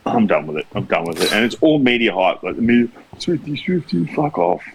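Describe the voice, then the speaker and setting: A man's voice: on the low side, sing-song, fast, gravelly, slight background noise, rough recording. A man ranting bluntly and swearing often in casual podcast banter. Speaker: podcast guest.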